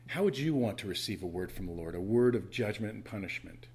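A man's voice: on the low side, expressive, fast, a little mellow, husky. A man preaching an earnest, tender sermon in a church as the pastor.

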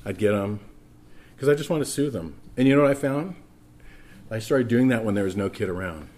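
A middle-aged man preaching a sermon as pastor, earnest and often dropping to a soft, intimate tone. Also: on the low side, lively intonation, a little fast, a little hiss or hum.

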